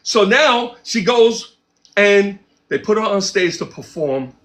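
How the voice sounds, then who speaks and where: Male interview guest, high voice, animated storyteller who acts out the dialogue. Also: takes it slowly. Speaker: interview guest, music producer. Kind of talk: casual storytelling.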